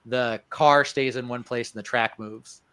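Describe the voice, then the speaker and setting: A man's voice: medium pitch, fairly even intonation, a little slow, fairly bright tone, clear, resonant tone, dry recording. A man hosting a casual podcast chat about video games, laid-back and loose, swearing and laughing with friends. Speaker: host.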